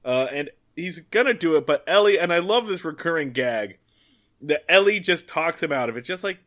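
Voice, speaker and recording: A man co-hosting a podcast, casually recapping a TV episode, animated and quick to laugh and act out lines. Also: a little high. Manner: animated, laughs often, acts out characters' lines. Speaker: podcast co-host.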